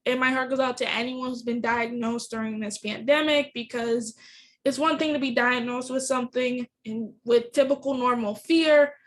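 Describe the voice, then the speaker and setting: High-voiced woman telling a personal story. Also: steady tone, moderate pace. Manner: earnest, emotional, candid, with many restarts. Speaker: podcast host.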